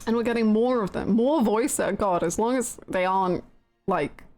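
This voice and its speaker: A woman's voice: mid-range voice, moderate pace, a little mellow, faint music behind. A woman streamer chatting casually with her live viewers, giggly and chatty.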